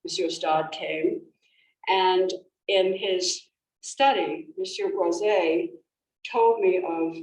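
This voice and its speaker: Woman author telling stories to an audience, low-ish voice, far from the mic. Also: slow pace, a little mellow. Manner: storytelling, with frequent restarts and fillers. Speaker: author giving a library talk. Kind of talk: conversational presentation. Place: library event room. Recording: roomy, distant, faint background noise.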